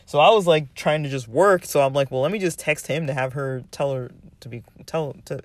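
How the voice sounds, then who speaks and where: Man, raised pitch, exasperated rambling storyteller, dead dry recording. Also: fairly quick, dry recording. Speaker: vlogger ranting about a roommate. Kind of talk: casual rambling monologue.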